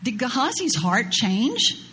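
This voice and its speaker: A woman's voice: a little high, wildly swooping pitch, takes it slowly, pushed and bright, breathy edge. A woman preaching a casual sermon, retelling a scripture story in a chatty way with slang asides. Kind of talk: informal sermon with scripture reading.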